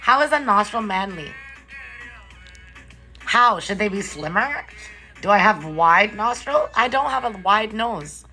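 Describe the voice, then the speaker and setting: A woman live streaming from a hotel room, ranting casually and profanely to her viewers in an incredulous, animated way. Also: mid-range voice, measured pace, pauses often, faint music behind. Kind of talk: casual chat.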